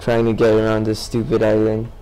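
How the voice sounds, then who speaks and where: A man's voice: fairly low pitch, monotone, brisk, mellow, clear, resonant tone, low-quality recording. A sleepy young man commenting casually on his gameplay, rambling to himself and swearing. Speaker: gamer.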